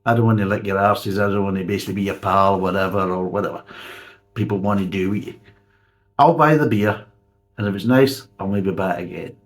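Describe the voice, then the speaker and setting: A man's voice: deep voice, brisk. A man, reviewing a beer in a blunt, sarcastic way and swearing freely. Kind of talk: casual spoken review.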